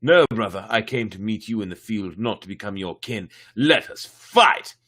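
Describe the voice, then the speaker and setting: A bold young peasant hero from a storybook, proud and blunt as he gives orders, as a man reads his lines. The voice is low and a little husky. It moves lively through its pitch range. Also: normal speed. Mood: defiant. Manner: proud, commanding.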